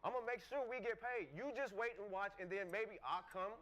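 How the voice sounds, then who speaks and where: Fast-talking man, confrontational banter. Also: high-pitched, fairly bright tone, a little hiss or hum. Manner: confrontational trash talk, fillers of "like". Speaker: podcast co-host. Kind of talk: casual couch podcast banter. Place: studio couch.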